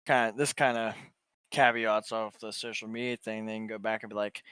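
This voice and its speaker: A man's voice: fairly low pitch, level tone, moderate pace, a bit bright, clean tone, no echo. A man co-hosting a podcast, talking in crude casual banter, swearing and joking, often laughing at his own bits. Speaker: podcast co-host.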